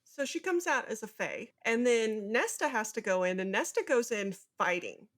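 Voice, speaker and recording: A woman's voice: a little high, lively intonation, moderate pace, a bit bright. A woman co-hosting a podcast, retelling a novel's plot in casual chat and briefly acting out the characters' lines. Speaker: podcast co-host. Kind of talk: casual book recap chat.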